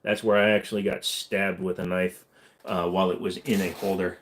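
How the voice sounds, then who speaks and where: A man's voice: deep voice, little pitch movement, moderate pace, a little hiss or hum. Man rambling through a joking chat. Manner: rambling, joking, reads chat messages aloud. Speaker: livestream host. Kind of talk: casual livestream Q&A chat.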